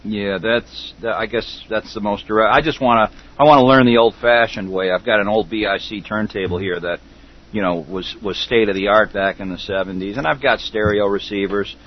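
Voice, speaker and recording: A middle-aged man hosting a loose radio chat, his fairly low voice coming through dull, lo-fi call audio. He talks haltingly, circling back with fillers and restarts. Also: fairly even intonation. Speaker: host. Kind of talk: casual internet radio chat.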